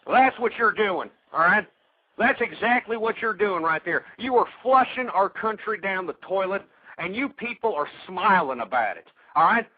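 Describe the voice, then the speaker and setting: On his call-in show, a high-voiced man angrily rants about politics, insulting listeners and stumbling through false starts. The recording has no room sound and comes across tinny, like radio over a phone line.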